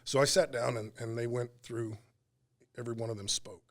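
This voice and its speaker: A middle-aged man, a radio talk show co-host, telling a personal story in a podcast interview, halting and emotional with many pauses. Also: mid-range voice, steady tone.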